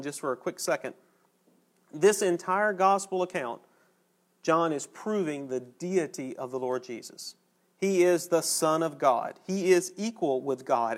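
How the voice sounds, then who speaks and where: A man delivers a sermon, his voice sitting a little high. He talks to the congregation conversationally and slows down to stress key phrases. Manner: folksy, conversational preaching with emphatic pauses. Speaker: preacher.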